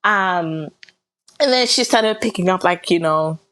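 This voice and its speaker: A woman's voice: lowish voice, expressive, unhurried, a bit bright. A young adult woman, a podcast guest, animatedly retelling a personal story and quoting others, with many filler words. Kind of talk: casual storytelling.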